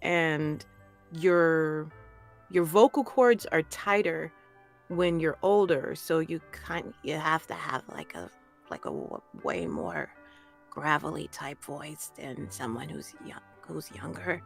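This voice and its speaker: A woman voice narrator explains her craft in a relaxed chat. Her voice sits low and she speaks very slowly, weighing her words and checking herself. Soft music plays behind her. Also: gravelly. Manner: slow, thoughtful, self-conscious. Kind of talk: casual chat.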